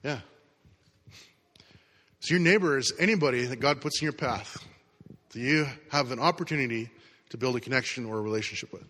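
Bright-voiced man preaching in a reverberant hall. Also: mid-range voice, fairly quick, pauses often. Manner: casual, conversational storytelling with acted quotes. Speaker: pastor. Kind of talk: sermon with storytelling.

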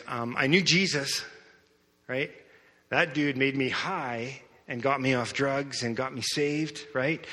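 A man preaching a sermon, telling a personal testimony with lively storytelling that swings between loud outbursts and hushed moments. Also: medium pitch. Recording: reverberant hall.

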